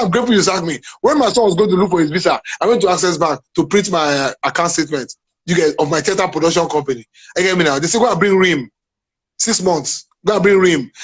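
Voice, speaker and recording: Emphatic Nigerian man, husky and high. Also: low-quality recording. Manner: emphatic, preachy, repeats "are you getting me now". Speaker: guest, playwright and businessman. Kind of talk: animated interview chat.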